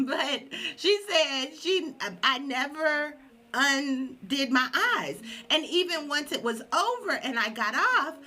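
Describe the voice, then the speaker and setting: A woman podcast host telling a story in a casual live stream, animated and acting out quotes. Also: a little slow. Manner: animated, acts out quotes with high yelps.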